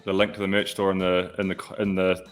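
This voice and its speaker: Aussie podcast host, lowish voice, easygoing and blunt, faint music behind. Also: male voice, completely flat delivery, a little fast. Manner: laid-back, blunt, crude humour. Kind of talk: casual chat.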